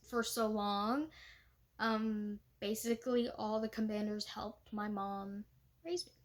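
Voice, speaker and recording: A young woman reenactor talking in a casual, chatty way, with many fillers and laughs. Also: a little high. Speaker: living history reenactor. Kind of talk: casual vlog talk.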